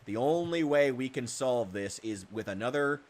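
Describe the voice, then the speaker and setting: A man streaming a game, ranting heatedly with lots of swearing and answering his chat, often trailing off into quiet, muttered asides. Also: medium pitch, animated, normal speed. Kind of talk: casual live-stream talk, reacting to chat.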